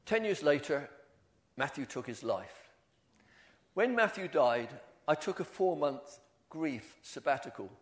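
A middle-aged man delivers a sermon with earnest feeling, sometimes tripping over his words and starting again. His voice sits somewhat higher than most men's. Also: lively intonation. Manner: earnest, halting with repeated restarts. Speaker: pastor.

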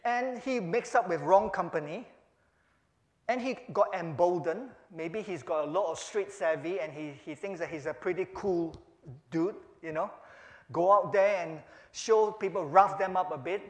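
High-voiced preacher, conversational to fervent. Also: male voice, normal speed, reverberant. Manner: conversational, building to loud emphatic peaks. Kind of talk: sermon.

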